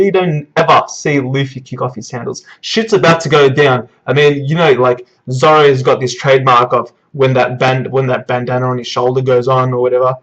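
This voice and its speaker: A man giving a casual live manga reaction in a middle-pitched voice, rambling and swearing with plenty of fillers. The sound is dull and lo-fi, as if from a cheap mic. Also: steady tone, moderate pace, hardly any pauses, a bit bright. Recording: dull lo-fi recording.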